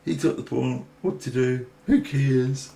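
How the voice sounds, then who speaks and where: A man voicing his young male chess opponent as giddy and smug, in a squeaky, mocking sing-song. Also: measured pace, vocal fry, mellow. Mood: gleeful mocking. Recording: echoey room with faint noise.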